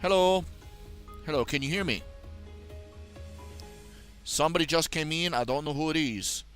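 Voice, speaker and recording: A man hosts a live stream on his own, chatting in a loose, rambling way with goofy mangled grammar. He drifts into low mutters while he tweaks settings. Faint background music plays under his voice. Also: normal speed, fairly bright tone. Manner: rambling and playful, with silly mock grammar and put-on accents; mumbles to himself while fiddling with settings. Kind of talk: casual solo live stream chat.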